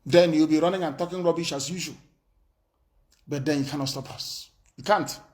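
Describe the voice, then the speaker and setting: A man with a Nigerian accent delivers a fiery live radio address, defiant and threatening in tone. His voice sits a little higher than most men's. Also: moderate pace. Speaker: political broadcaster.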